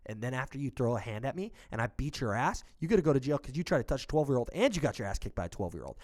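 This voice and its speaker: A man's voice: mid-range voice, expressive, fast, hardly any pauses. A man co-hosting a casual podcast, telling a heated story with lots of swearing and acted-out quotes. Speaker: podcast co-host.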